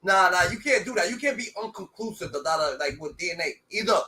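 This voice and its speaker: Man, high voice, very bright tone, profane rant, repeats "da da da" filler, AAVE speech. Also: lively intonation, fast talker. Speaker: streamer reacting to a clip. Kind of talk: heated reaction commentary.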